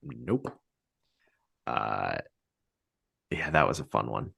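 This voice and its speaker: Male guest, very low voice, casual and halting, lots of fillers. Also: huge pitch swings, creaky, pushed and bright, husky, dry recording, studio quality. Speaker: guest, assistant football coach. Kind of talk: casual chat.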